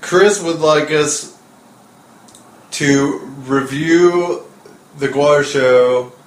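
A man co-hosting a casual podcast, laid-back and quick to laugh while reading listener questions. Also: fairly high pitch. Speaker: podcast co-host. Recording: echoey room.

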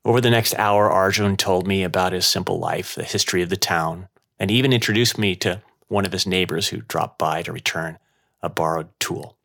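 A man hosting a podcast, narrating a personal story in a slow, measured way. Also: sits low, creaky, fairly bright tone. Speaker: podcast host.

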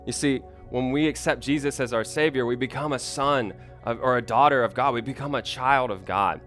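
An earnest young man preaching a sermon in a level, middle-pitched voice. He speaks personally and often restarts his phrases, and faint music runs softly beneath him. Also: brisk. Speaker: pastor.

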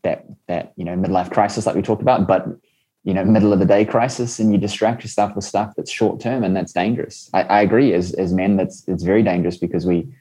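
A man hosting a podcast interview in a relaxed, conversational way. His voice is very low and dark, mellow in tone. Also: brisk, husky. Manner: conversational, asks questions. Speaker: podcast host.

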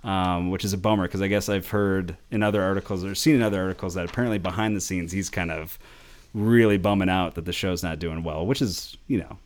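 A man's voice: low voice, steady tone, quick pace. A man hosting a casual podcast, rambling through entertainment news with frequent laughs and self-corrections. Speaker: podcast host.

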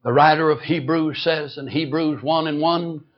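A man's voice: fairly high pitch, fairly even intonation, normal speed, lo-fi sound. A man preaching an emphatic sermon, telling a story and repeating points for stress.

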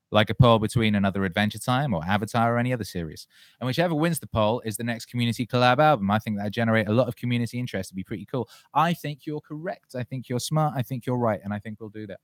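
Low-voiced man in casual profane chat. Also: no echo, studio quality. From England. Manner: loose, profane, rambling with frequent restarts. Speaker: podcast host answering listener questions.

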